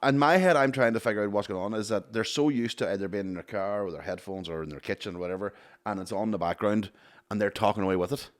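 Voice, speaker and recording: A man hosting a podcast in casual, rapid chat, swearing and laughing often. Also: fairly low pitch. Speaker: podcast host.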